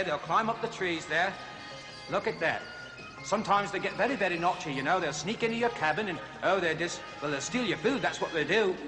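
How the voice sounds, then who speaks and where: An actor playing a bumbling, excitable jungle explorer who rambles and uses homespun slang. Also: male voice, high-pitched, in a large hall. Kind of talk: 1970s TV sketch comedy.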